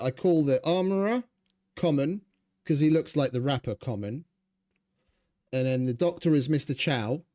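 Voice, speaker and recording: Mellow-voiced man chatting over gameplay. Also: mid-range voice. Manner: rambling, chatty, swears freely. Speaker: gaming streamer. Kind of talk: casual gameplay commentary.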